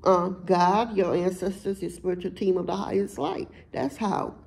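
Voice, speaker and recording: A woman's voice: fairly low pitch, fairly even intonation, moderate pace, vocal fry, darkish tone, low-quality recording. Blunt, profane woman doing a tarot reading. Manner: blunt, profane, emphatic street talk. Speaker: tarot reader.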